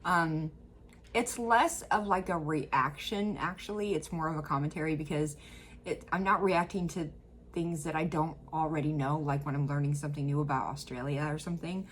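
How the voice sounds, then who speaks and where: Low-pitched young woman, Midwestern accent, rambling casual commentary, faint background noise. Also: normal speed. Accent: Midwestern American. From central Illinois, USA. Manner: rambling, full of ums and likes. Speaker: YouTuber.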